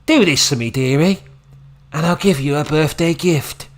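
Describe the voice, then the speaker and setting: A man voicing a creepy, sly old crone from a video game, with slow, croaking, drawn-out delivery. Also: a little high, a little hiss or hum, natural voice. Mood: eerie.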